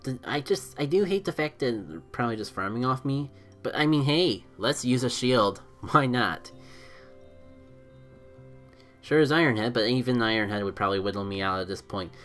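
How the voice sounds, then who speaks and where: A man talks through his game live in an even, middle-pitched voice. He thinks aloud, second-guesses his choices and is openly hard on himself. Faint game music plays under him. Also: a little fast. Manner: excitable, thinks aloud, self-critical. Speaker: streamer playing a mobile game. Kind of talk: live gameplay commentary.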